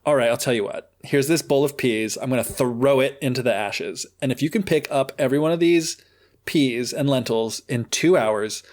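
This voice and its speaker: A man's voice: mid-range voice, moderate pace, darkish tone, natural voice. A man doing a cold, scornful stepmother. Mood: scheming.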